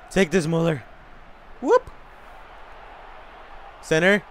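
A young man commentates his own soccer video game as he plays it, his pitch leaping all over as he whoops and yells at every big moment. He sits a little above the usual male pitch, and there is a faint hiss of noise behind him. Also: a little slow, long pauses. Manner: excitable, swearing, yelling and whooping at big plays. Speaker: gamer. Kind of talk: live gameplay commentary.

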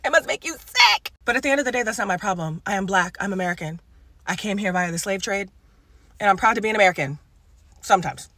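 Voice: medium pitch, fast talker, a bit bright, no echo. A speaker giving an assertive, sarcastic opinion monologue for social media.

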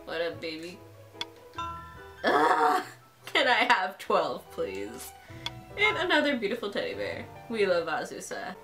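A young woman narrates a dating-game playthrough in a casual, swinging voice that jumps all over her pitch range. She is excitable and crude, swears freely, and loud game music plays in the background. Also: measured pace. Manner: excitable, crude, profane fangirling. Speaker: gaming channel host. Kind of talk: casual let's-play commentary.

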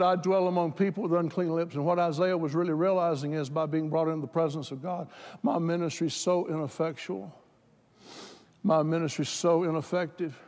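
A man preaching a sermon, moving from plain talk to loud, fervent exhortation. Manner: builds from plain talk to shouted, high-pitched fervor. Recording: hall reverb.

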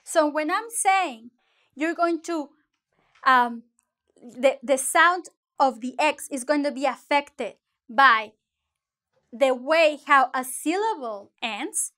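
A woman with a high, bright-pitched voice teaches a lesson online. She is playful and lively, moving easily between English and as she explains. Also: slow, pauses often. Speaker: Spanish teacher.

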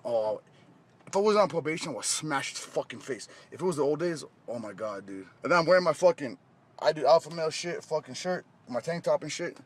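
A man filming himself in a profane, angry rant, shouting and repeating himself. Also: on the high side, animated, a little fast. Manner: shouting, swearing constantly, repetitive. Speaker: vlogger filmed ranting.

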